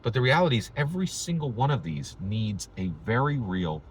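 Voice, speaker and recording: A man's voice: mid-range voice, very animated, brisk, a little hiss or hum. A man hosting his own vlog, talking in an emphatic, sarcastic commentary style full of rhetorical "right?"s. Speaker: channel host.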